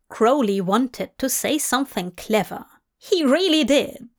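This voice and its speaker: A woman reading a story aloud in an unhurried, even narration. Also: fairly high pitch. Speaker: fanfiction reader. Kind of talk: audiobook narration.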